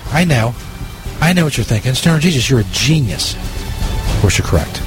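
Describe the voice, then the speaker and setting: A man hosting a comedy radio show, brash and mocking, with deadpan boasts. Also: medium pitch, moderate pace, music in the background, low-quality recording. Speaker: host.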